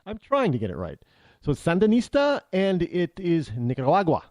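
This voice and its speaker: An American man hosting a talk show, delivering a rambling opinion monologue full of halting restarts. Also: on the high side, sing-song, a little mellow, no echo. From United States.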